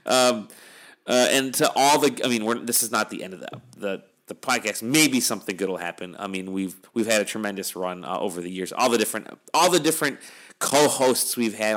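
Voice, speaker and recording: In a lowish, slightly bright voice, a middle-aged podcast host winds down his episode. The casual chat comes across as wry and tired, wandering as he goes.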